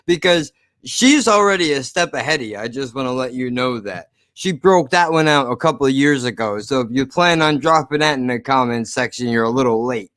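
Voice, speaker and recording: A man's voice: mid-range voice, lively intonation, moderate pace, a bit bright, dry recording, studio quality. Profane slurring man ranting. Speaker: podcast host. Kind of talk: casual rant to listeners.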